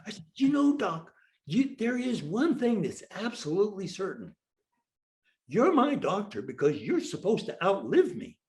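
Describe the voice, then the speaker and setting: His voice sits high and moves at a moderate pace, carrying a roomy sound. The older man is an interview guest recounting a funny story, animatedly voicing every person in it with lively energy.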